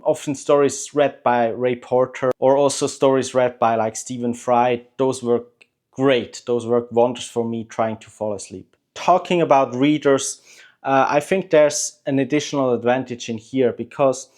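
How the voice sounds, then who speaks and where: A man hosting a book channel, talking to camera in a relaxed, chatty way with frequent hesitations and clear opinions. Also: medium pitch, measured pace. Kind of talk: casual talk to camera.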